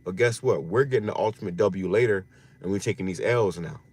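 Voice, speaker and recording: A man's voice: sits low, fairly quick, darkish tone, husky. A man giving an informal scripture teaching in slangy street talk, often repeating phrases and restarting his words. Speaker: religious teacher.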